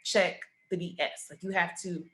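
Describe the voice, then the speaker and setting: A woman journalist speaking as an interview guest, outspoken, blunt and expressive. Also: on the low side, normal speed. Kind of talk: conversational interview.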